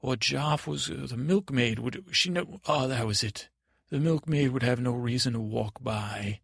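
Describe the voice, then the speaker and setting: A man's voice: mid-range voice, unhurried, vocal fry, a bit bright, husky, no room sound, studio quality, exaggerated voice. A man playing a timid, dreamy boy prince, stammering and meandering through an improvised bedtime story. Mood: rambling.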